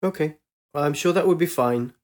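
A man's voice: a little high, normal speed, pitched above the performer's own voice, natural voice. Story reading: male narrator voicing a hesitant young woman, near his own voice, unsure.

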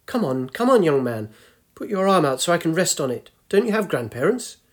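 A man's voice: on the high side, big pitch swings, a little fast, pitched above the performer's own voice. A man putting on a grumpy ninety-two-year-old woman. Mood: tart. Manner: tart, teasing, lecturing the young. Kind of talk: storybook reading.

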